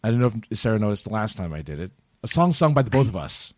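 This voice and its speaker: A man with a low voice rambles through a casual podcast chat, his pitch leaping up and down as he jokes. He restarts sentences and drops into brief silly voices. The sound is close and dry, with no room around it. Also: very animated, no echo. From United States. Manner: rambling, jokey, with quick put-on voices. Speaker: podcast co-host.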